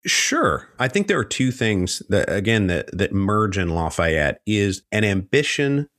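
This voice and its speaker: Deep-voiced male history guest, chatty storyteller who acts out his quotes, dry close mic. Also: unhurried, dry recording. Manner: animated, acts out quoted figures in shifting pitch. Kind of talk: conversational storytelling.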